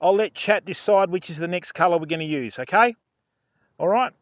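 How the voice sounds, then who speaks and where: A man's voice: high-pitched, brisk, dry recording. An older man hosting a fishing livestream, chatting casually and joking with viewers. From Australia. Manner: chatty, jokey, laughs often, addresses chat by name.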